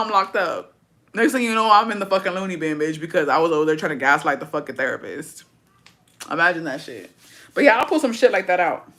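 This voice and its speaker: A young woman with a bright, forward voice answers viewer comments in casual livestream chat, blunt and swearing freely. Her fairly low voice is animated and fast, her sentences running together in a loose, chatty rhythm.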